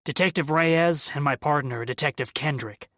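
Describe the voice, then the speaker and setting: A man voicing a police detective who asks questions in a brisk, matter-of-fact way, in an audiobook. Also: a little high, sharp tone, no room sound, clean studio sound. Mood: businesslike. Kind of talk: audiobook character voice.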